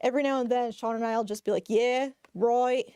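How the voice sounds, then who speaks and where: Warm-toned, self-mocking actress. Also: female voice, a little high, fairly even intonation, rapid-fire, clean tone. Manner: self-deprecating, joking. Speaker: guest actress. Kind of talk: casual chat. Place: studio set.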